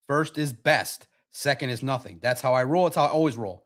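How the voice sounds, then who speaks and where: A man hosting a sports podcast live stream, chatting casually in an animated, repetitive way with frequent restarts. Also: medium pitch, a little fast.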